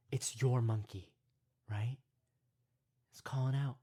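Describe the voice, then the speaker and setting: A man's voice: a little high, sing-song, moderate pace. Rambling man guiding a mock meditation. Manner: rambling, full of "you know" and "right?"; drops to hushed whispers at times. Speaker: meditation guide. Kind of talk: parody guided meditation.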